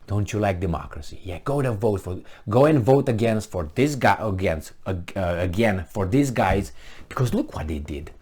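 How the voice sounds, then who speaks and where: A man's voice: fairly low pitch, lively intonation, normal speed, a little mellow, husky. A man giving ranting commentary on a news article, sarcastic, mocking and exasperated. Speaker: political commentator.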